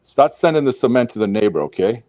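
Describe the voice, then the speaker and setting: A man's voice: mid-range voice, expressive, fast talker, a little mellow, no echo. A man in casual chat, blunt and profane, giving advice.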